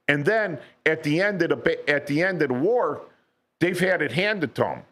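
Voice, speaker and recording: A man's voice: a little high, animated, normal speed, a bit bright. A man on local radio talking history in a casual way, often repeating words and asking "right?". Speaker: radio guest. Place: radio studio.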